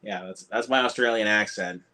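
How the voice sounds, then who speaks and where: A young man with an American accent chats casually on a movie livestream. His voice sits fairly low. He rambles and restarts his sentences often. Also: moderate pace, fairly bright tone. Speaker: livestream co-host, film reviewer.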